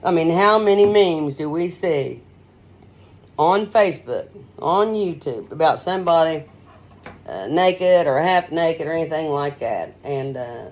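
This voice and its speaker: A middle-aged woman radio host giving a rambling, folksy straight-talk monologue, her pitch swinging up and down as she talks. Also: animated, a little slow, darkish tone.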